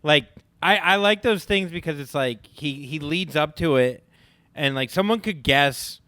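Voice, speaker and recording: A man's voice: on the high side, lively intonation, unhurried, pushed and bright, clean tone, no echo. A man co-hosting a podcast, chatting easily and asking curious questions. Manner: easygoing, asks curious questions. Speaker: podcast co-host. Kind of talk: casual chat.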